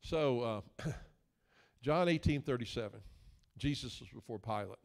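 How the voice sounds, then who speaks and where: A man's voice: medium pitch, measured pace, gravelly. A male guest preacher, delivering a folksy, joking sermon that builds into emphatic questions.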